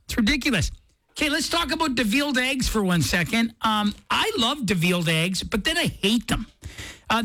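Excitable male radio host with a bright, high, bouncy voice and a dry sound; playful, quick to laugh. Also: dry recording. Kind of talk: casual talk radio chat.

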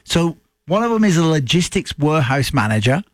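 A man with an English accent co-hosting a radio show, chatting casually and playfully with his co-host and slipping into quick impressions. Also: fairly high pitch, big pitch swings, no room sound, clean studio sound. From England.

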